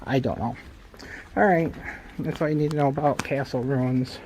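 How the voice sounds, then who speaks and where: A middle-aged travel vlogger and channel host films on a handheld phone, walking a city sidewalk and later sitting in a small car, chatting with lots of fillers and joking asides. His medium-pitched voice has a darkish tone at a normal pace. The recording is rough, with slight background noise.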